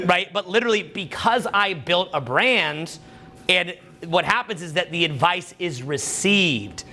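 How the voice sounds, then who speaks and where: A man giving a casual motivational talk about social skills, rambling, animated and full of "like" and "right?". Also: high-pitched, normal speed. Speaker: dating and social skills coach.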